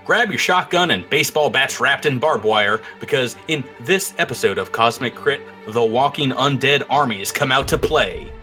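Animated, bright-voiced man hosting a game. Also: mid-range voice, moderate pace, hardly any pauses, faint music behind. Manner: playful, laughs often, animated intros. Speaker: game master and host. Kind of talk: lively podcast hosting.

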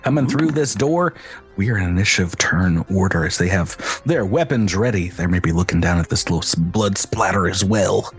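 A man running a tabletop game as game master over a video call, animated and quick to laugh. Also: low voice, soft background music.

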